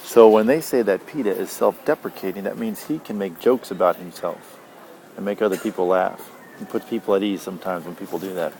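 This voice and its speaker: A father reading a novel aloud to his child, gentle and unhurried. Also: deep voice, vocal fry, a little hiss or hum. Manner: gentle, unhurried, tender asides.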